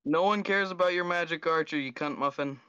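A man's voice: on the high side, brisk, pushed and bright, clear, resonant tone, no room sound, muffled recording. A man co-hosting a casual podcast while playing a mobile game, firing off crude, cursing banter. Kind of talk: casual gaming chat.

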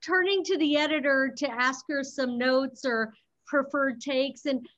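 A woman's voice: sits high, fairly even intonation, a little slow, a bit bright. A woman script supervisor chatting on a panel, speaking earnestly and with feeling. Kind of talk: casual panel chat. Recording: slightly dull lo-fi sound.

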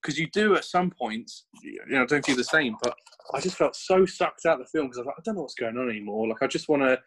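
A man chatting casually on a podcast film review, rambling and excitable, swearing now and then. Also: mid-range voice, fast, a little hiss or hum, poor audio. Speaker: podcast guest.

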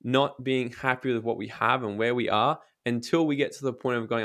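A man's voice: medium pitch, brisk, hardly any pauses. A man who works as a motivational speaker and coach, talking in a casual interview with energy and blunt, profane language, acting out inner voices. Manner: energetic, blunt, swears freely; acts out inner voices in quotes.

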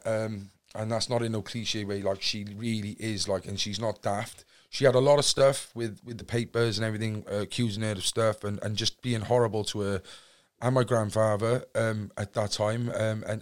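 A young man with a Cardiff accent, telling his story as a podcast guest in rambling talk full of fillers and restarts. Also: lowish voice. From Wales. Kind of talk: candid storytelling.

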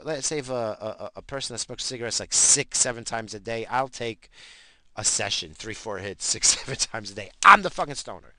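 A man rants in a heated, profane way, swearing and repeating himself. His voice is bright and forceful, and the recording is dry and close. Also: mid-range voice, lively intonation, brisk, no echo. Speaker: self-described stoner. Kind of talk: profane conspiracy rant.

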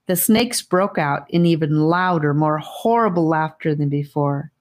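A woman reading an audiobook chapter aloud in a steady, expressive way. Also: low voice, unhurried. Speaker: audiobook reader. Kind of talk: audiobook narration.

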